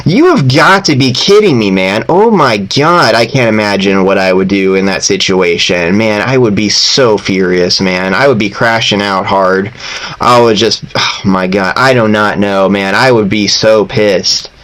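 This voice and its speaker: A man's voice: on the low side, measured pace, a bit bright, low-quality recording. A man hosting a reaction video, commenting casually and with exasperation, repeating himself.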